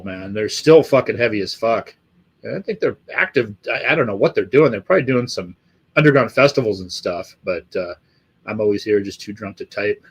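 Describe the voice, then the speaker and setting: A man's voice: fairly low pitch, husky. A man from Los Angeles hosting a casual livestream, talking in a profane, rambling, enthusiastic way. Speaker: livestream host.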